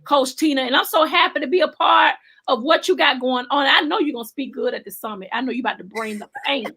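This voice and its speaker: A woman from Alabama with a Southern accent, hosting a Christian talk show in a lively, preachy way. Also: high voice, quick pace, slightly rough. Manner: lively, preachy, animated storytelling.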